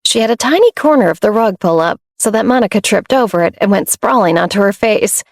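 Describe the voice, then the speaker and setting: A woman narrating an audiobook in a steady, even storytelling voice of middle pitch. The recording is dry and close, with no room sound. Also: a little fast, no echo.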